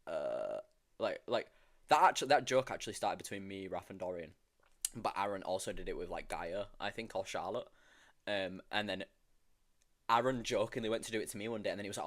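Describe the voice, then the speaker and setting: A young man with a low voice tells stories from set in a loose, chatty way, and his pitch swings widely as he goes. He laughs often between lines and leans on fillers like "like" and "obviously.". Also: quick pace. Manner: animated, laughing storyteller with many fillers. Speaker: actor telling stories on stream. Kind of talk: casual chat.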